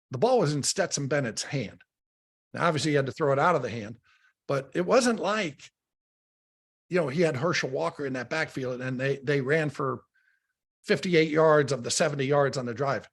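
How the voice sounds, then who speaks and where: A middle-aged man breaks down football in easy, storytelling sports talk, his voice gravelly and a little husky and set fairly high. He gets animated and stacks up repeated words as he starts each point. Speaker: radio analyst.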